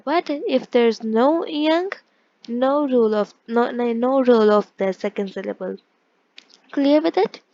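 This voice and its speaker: A woman's voice: fairly high pitch, darkish tone, highs cut off. A woman teaching an online language lesson, explaining step by step and often correcting herself mid-sentence. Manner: explains step by step, with frequent self-corrections and fillers.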